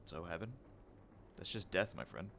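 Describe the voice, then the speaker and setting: A man with a very low voice reads game lore aloud in a relaxed way, tripping over names and dropping dry, joking comments between passages. The sound is slightly dull and carries a faint hiss behind it. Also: normal speed, vocal fry. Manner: stumbles over names, wry joking asides. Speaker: game streamer. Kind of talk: reading game lore aloud with casual asides.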